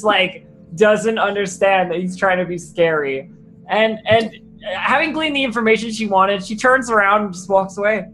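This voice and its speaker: A woman's voice: medium pitch, a bit bright. A woman playing a tabletop game, describing her character's actions in a rambling, filler-heavy way. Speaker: player. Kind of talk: casual tabletop game chat.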